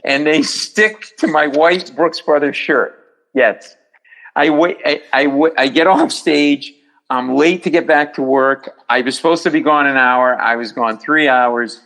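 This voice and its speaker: A middle-aged man, a comedian, telling stories as a podcast guest in a lively way and acting out the other people's voices. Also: a little high, measured pace, low-quality recording. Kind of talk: podcast storytelling.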